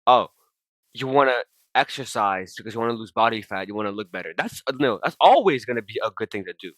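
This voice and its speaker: A man's voice: on the low side, expressive, fast talker, a bit bright, no echo. A man rambling and swearing casually as he comments over his own gameplay, often breaking off mid-sentence. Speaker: gaming commentator. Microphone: desktop mic while recording screen.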